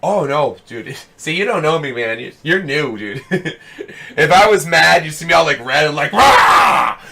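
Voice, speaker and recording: Young guy streaming w a hoarse voice, losing it, rambly, lots of dude and bro, headset mic. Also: fairly high pitch, expressive, normal speed, very noisy. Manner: rambling, fillers of "you know what I mean"; chummy, calls viewers dude and brother. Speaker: streamer hosting a web show. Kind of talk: casual live-stream chat.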